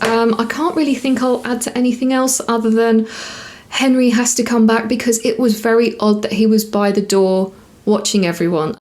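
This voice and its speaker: A woman talking casually to camera as she reviews a TV episode, rambling a little, correcting herself and filling pauses as she thinks aloud. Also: mid-range voice, darkish tone. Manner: chatty, rambling with fillers and self-corrections.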